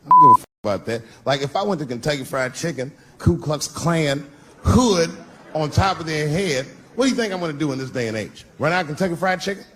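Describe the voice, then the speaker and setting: A man's voice: fairly high pitch, lively intonation, a little fast. A middle-aged man doing a stand-up comedy set, brash and crude, on a live stage with a handheld mic. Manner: brash, crude punchlines with mocking asides. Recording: live stage recording with audience noise.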